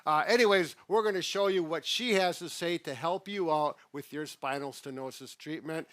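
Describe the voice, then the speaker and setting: Male physical therapist co-host, patient plain explainer, slightly high voice, dry close sound. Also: normal speed, fairly bright tone, no echo. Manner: patient, plain-spoken explaining with frequent "uh" fillers. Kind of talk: casual explanatory chat.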